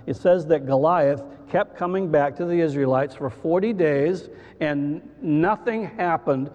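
A man preaching a sermon as pastor, halting, with frequent fillers and restarts. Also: on the high side, a little mellow. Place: church sanctuary. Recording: muffled church hall with long reverb.

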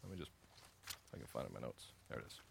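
A man's voice: rumbling low, big pitch swings, racing, creaky, breathy edge, dry recording. A male pastor teaching in an earnest sermon style, repeating key phrases and often restarting his sentences.

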